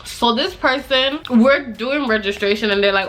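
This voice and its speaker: Bright-voiced young woman vlogger. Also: fairly high pitch, moderate pace, slight background noise. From Nigeria. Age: young adult. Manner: animated, laughs often, acts out quoted voices. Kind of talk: casual storytelling chat.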